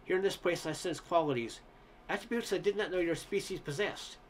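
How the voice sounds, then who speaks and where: A man's voice: high voice, fairly quick, a little hiss or hum, lightly acted. A man voicing an anguished male alien who speaks in stiff, formal sentences, pleading to be destroyed. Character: anguished towering alien with terrible eyes, male.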